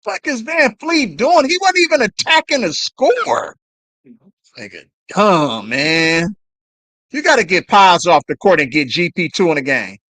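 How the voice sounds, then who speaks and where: A man calling a basketball game live as a fan on a stream, swearing and yelling at the players between play-by-play. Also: high-pitched, measured pace, no room sound. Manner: excited, profane trash talk at players. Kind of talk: fan play-by-play watch-along.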